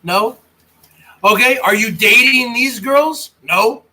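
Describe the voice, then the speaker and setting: A high-pitched man from the United States, hosting a rambling livestream at an unhurried pace. His voice is bright and edgy, and he teases and taunts his chatters one by one. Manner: mocking, taunting, talks straight to chatters. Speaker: livestream host reading chat. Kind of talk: casual rambling livestream chat.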